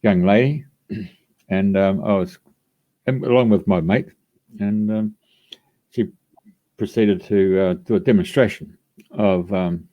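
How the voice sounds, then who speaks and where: A man's voice: fairly low pitch, takes it slowly, pauses often, narrow, tinny audio. A man hosting a live radio show, introducing a guest in a rambling way with many fillers. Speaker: radio host.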